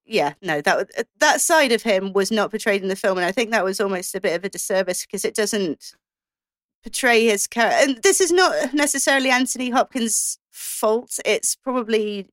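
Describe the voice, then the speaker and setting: A woman's voice: mid-range voice, animated, moderate pace, fairly bright tone, dry recording, clean studio sound. Hesitant woman in casual film chat. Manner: hesitant, many ums and restarts.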